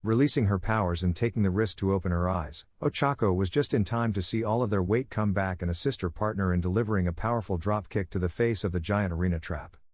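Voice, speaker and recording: A man narrating a fan fiction audiobook in a steady storytelling manner. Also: low-pitched, fast, hardly any pauses, no room sound, studio quality.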